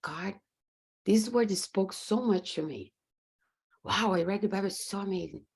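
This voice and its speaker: A woman's voice: medium pitch, measured pace, gravelly, slightly rough. A woman with a Brazilian Portuguese accent, a podcast guest and coach, telling stories earnestly over a video call and acting out her own reactions. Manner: animated storytelling, acts out her own reactions; faith-driven, earnest. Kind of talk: conversational interview.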